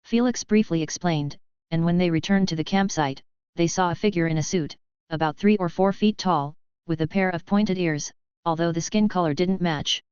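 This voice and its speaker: A woman narrates a fantasy audiobook in an even, steady way. Her voice is smooth and a little low. The recording is dry and dull, with a lo-fi edge. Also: moderate pace, dry recording. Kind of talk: scripted narration.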